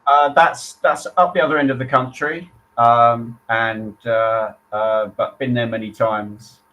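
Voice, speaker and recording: A man's voice: mid-range voice, steady tone, measured pace, bright, forceful tone, rough recording. A man from England, a guest musician chatting on a live stream in an easygoing, modest, chuckling way. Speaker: band member guest. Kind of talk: casual chat on a live stream.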